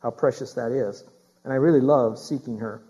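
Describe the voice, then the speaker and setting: A man preaching a sermon as pastor, talking straight to his congregation with questions and building to loud, emphatic preaching. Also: medium pitch, moderate pace, slightly rough.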